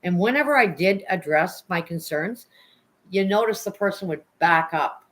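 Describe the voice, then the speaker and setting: A woman's voice: on the low side, animated, moderate pace, low-quality recording. A woman livestreamer chatting casually with viewers, frank and emotional, swearing freely and greeting chatters by name. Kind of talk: casual live-stream chat with viewers.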